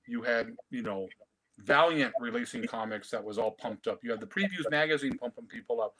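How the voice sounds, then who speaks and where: A man, telling stories in a casual, animated way on a video call. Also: mid-range voice, brisk. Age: 50s. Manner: storytelling, animated. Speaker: comic collector guest. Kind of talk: casual chat.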